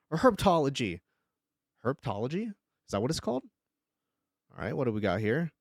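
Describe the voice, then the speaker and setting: A man streaming live, chatting casually and joking as he reacts, laughing often and breaking into excited bursts. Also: medium pitch, normal speed, pauses often, no room sound, studio quality. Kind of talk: casual live-stream commentary while drawing.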